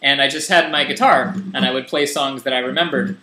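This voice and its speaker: A young man casually teaching a guitar lesson in a relaxed, rambling, self-deprecating way, with guitar strumming behind him. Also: medium pitch, fairly quick, crowd noise. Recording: echoey room with loud guitar.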